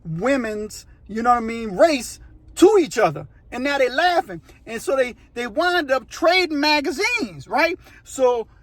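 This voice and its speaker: Casual male storyteller, rambling and conversational, fairly high voice. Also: big pitch swings, a little slow, a bit bright, no echo. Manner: rambling, conversational, frequent "you know what I mean". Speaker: storyteller, channel host.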